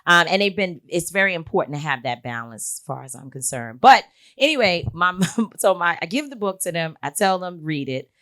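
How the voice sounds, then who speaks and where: A middle-aged woman speaking as an interview guest. She tells personal stories frankly and earnestly, with a slightly low voice. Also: expressive, brisk, fairly bright tone. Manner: earnest, frank, with frequent filler words. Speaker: guest, activist and author. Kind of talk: candid personal storytelling.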